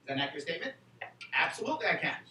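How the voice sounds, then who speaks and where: New man, high bright voice, joking convention speaker, miked from afar in an echoey hall. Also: racing. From New York City. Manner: animated, joking, fires rhetorical questions at the crowd. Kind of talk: political convention speech. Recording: echoey hall, far from the mic, faint noise.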